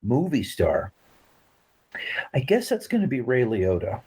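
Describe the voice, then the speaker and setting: A man's voice: mid-range voice, measured pace, husky. Middle-aged american guy, filmmaker, chatty storyteller in an interview, jumps into voices when quoting people. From United States. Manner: animated storyteller who acts out quotes. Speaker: filmmaker guest.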